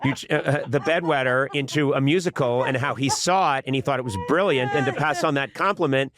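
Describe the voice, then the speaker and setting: A man hosting a comedy podcast, riffing in mock exasperation and breaking into goofy high noises. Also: a little fast, crowd noise. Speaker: podcast host. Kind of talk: comedic casual chat. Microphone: studio podcast microphone, close.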